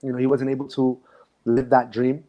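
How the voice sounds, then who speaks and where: A man's voice: mid-range voice, flat delivery, moderate pace, lo-fi sound. A man, a dance instructor, recalling his past in a reflective, emotional way and often restarting his sentences. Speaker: guest. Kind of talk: casual conversation.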